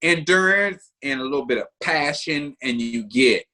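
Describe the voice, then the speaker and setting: A man's voice: mid-range voice, lively intonation, normal speed, sharp tone. A man co-hosting a podcast, teasing his co-host in casual banter and laughing often.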